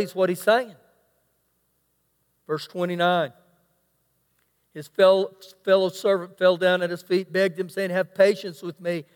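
Preacher, male, unusually high pitch, emphatic sermon delivery in a reverberant church. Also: fairly bright tone. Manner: preaching, reading scripture aloud with emphatic asides. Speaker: pastor. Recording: long hall reverb.

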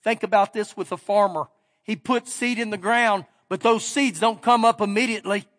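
High-voiced preacher in a reverberant hall. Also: male voice, steady tone, normal speed, fairly bright tone. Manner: folksy storytelling, emphatic build-ups. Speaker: pastor. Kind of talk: sermon. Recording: long reverb of a big hall.

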